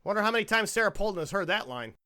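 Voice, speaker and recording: A young man hosting a podcast, chatting casually about a movie in an animated, rambling way and laughing easily. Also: sits high, very fast. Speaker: podcast host.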